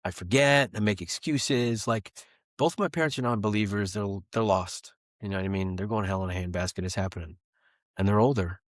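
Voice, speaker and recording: A man in his thirties with a fairly low voice speaks earnestly and with conviction, in an easy conversational way. The sound is close and dry, with no room around it. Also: a little fast, no echo. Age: 30s. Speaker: podcast guest. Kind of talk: casual conversation.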